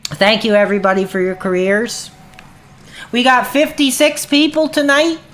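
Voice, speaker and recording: A woman streamer rants at her chat, heated and profane, her agitation boiling over. Her voice sits a bit on the high side. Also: little pitch movement, moderate pace, fairly bright tone. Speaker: livestreamer. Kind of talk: angry livestream rant.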